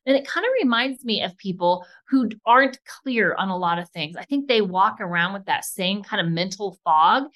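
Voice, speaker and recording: A woman co-hosting a podcast, talking fast and enthusiastically in a casual chat. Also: medium pitch, expressive, fairly bright tone. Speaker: podcast co-host.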